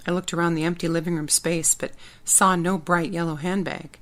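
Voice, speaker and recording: A woman narrates a first-person audiobook in steady, plain storytelling. Her voice sits low for a woman. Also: normal speed, hardly any pauses.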